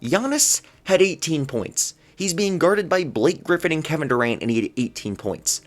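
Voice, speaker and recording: A man's voice: a little high, very animated, normal speed, faint music behind. A man vlogging basketball commentary in a solo rant, exasperated and incredulous, firing off rhetorical questions and stammering when flustered.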